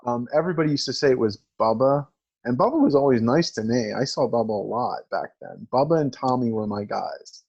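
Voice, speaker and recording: A man with a mid-range voice gives relaxed, blunt opinions in an easy chat. His sound is a bit dull and muffled, as if the highs were cut off. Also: a little fast, gravelly, slightly rough. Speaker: co-host. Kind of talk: casual chat.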